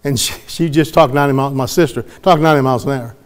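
A man's voice: mid-range voice, very fast. A middle-aged man, preaching a sermon as he tells a story in a folksy way and acts out the voices of the people in it. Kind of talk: sermon testimony.

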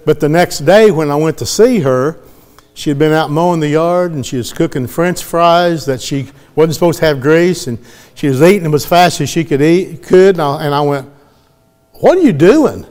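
A middle-aged preacher with a drawl tells a testimony from the pulpit in a folksy way. His voice sits a bit high for a man. He slips into the voices of the people he quotes. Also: moderate pace, a little mellow. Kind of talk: sermon testimony.

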